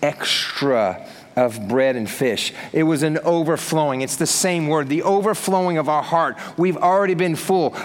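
A man preaching a sermon in a lively, conversational way, acting out quotes in other voices. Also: a little high, in a large hall. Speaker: pastor.

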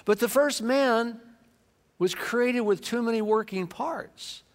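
Animated preacher man in echoing hall. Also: very high voice, slow pace. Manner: animated, acts out comic voices and quotes. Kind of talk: sermon. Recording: long hall reverb.

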